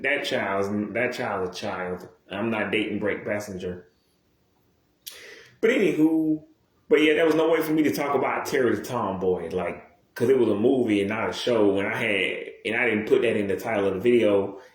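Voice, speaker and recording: A man talking to his video audience in a rambling, casual monologue, full of digressions, restarts and swearing. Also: mid-range voice. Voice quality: profane, digressive, many restarts. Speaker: YouTuber. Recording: roomy echo.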